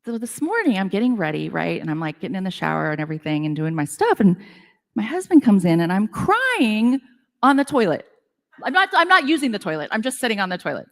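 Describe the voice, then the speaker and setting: A woman's voice: mid-range voice, big pitch swings, fast talker, gravelly. Chatty woman speaker in a reverberant hall. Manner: chatty, self-deprecating, lots of "like". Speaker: speaker at a women's business event. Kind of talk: casual storytelling talk to a live audience. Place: conference room with audience.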